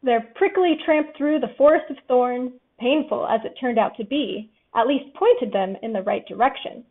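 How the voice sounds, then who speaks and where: Woman storybook narrator, high and lively, tinny phone-like audio. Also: normal speed. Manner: lively, expressive reading. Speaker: storybook reader.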